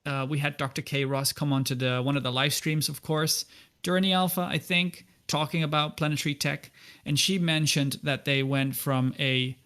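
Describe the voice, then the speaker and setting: A man's voice: on the high side, flat delivery, moderate pace, pushed and bright. Earnest man in casual podcast chat. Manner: earnest, restarts words often. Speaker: podcast guest.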